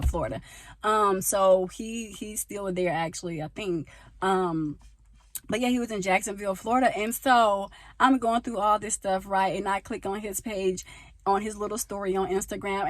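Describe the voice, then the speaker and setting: Young woman talking into her phone, personal story, gets loud n excited, dry sound. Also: medium pitch, moderate pace, no echo. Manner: animated, gets loud when passionate. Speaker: vlogger. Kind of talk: casual personal storytelling to camera. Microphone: phone held in hand.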